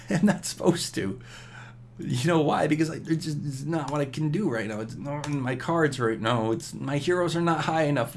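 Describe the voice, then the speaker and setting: A man's voice: on the high side, expressive, normal speed, a little hiss or hum. A man giving casual gameplay commentary, rambling and scolding himself aloud with chuckles.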